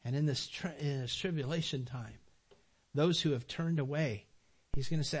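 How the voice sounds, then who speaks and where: A middle-aged man with a fairly high voice preaches a sermon in a church sanctuary. He is animated and emotional. He drives his points home by repeating phrases. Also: normal speed, breathy edge. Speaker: pastor.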